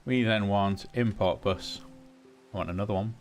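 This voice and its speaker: Low-voiced man musing over gameplay. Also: steady tone, normal speed, soft background music. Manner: muses aloud, talks to game items. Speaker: gaming channel host. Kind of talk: casual gameplay commentary.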